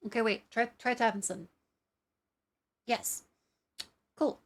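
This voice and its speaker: A woman's voice: a little high, fairly even intonation, slow. A young adult woman streamer chatting casually and rambling, with many fillers and some swearing, while testing tracking gear. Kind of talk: casual live-stream chat.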